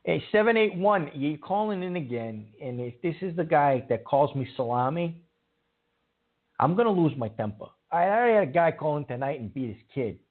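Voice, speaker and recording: A man's voice: fairly high pitch, animated, moderate pace. A man hosting a call-in show who stammers and gets riled easily. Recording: tinny phone-like sound.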